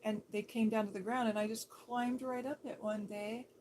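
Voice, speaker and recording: A woman from Seattle hosting a livestream, chatting in a gentle, sympathetic way as she reads out viewers' comments, sometimes dropping to a whisper. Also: on the high side, fairly even intonation, moderate pace, a little hiss or hum. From Seattle, Washington State. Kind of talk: casual soft-spoken livestream chat.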